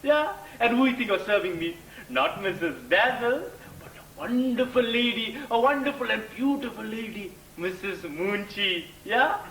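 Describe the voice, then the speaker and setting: Picked up by a distant mic in an echoey hall with slight background noise, a man's high, somewhat bright voice performs a stage role. He plays a boastful, tipsy character who slowly teases and laughs as he tells his story.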